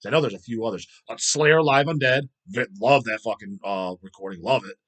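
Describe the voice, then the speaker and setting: Fast-talking, profane ranting man. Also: mid-range voice, a bit bright. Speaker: livestream host. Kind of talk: casual chat.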